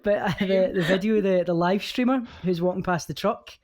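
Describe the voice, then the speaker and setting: A Scottish man chatting casually as a podcast co-host. He talks in an animated, sweary way and acts out quotes in little voices. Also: sits high, a little fast. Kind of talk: casual chat.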